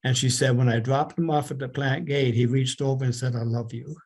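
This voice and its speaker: An older man from Canada, a podcast guest, retelling a story in an earnest, halting way that turns emotional. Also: medium pitch, steady tone, darkish tone. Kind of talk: storytelling in an interview.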